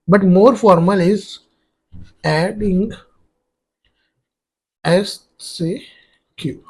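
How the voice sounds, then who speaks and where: A man's voice: high voice, extremely slow, husky. A man teaching a French grammar lesson for exam prep, explaining step by step as he writes on a board and spelling words out letter by letter. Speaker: French tutor.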